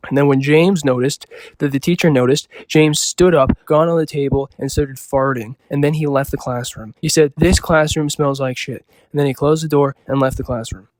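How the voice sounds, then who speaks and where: A man's voice: mid-range voice, steady tone, brisk, darkish tone, no room sound. Rambling young man telling a story. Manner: rambling, full of "like" and "you know" fillers, loose and offhand. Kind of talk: improvised casual storytelling.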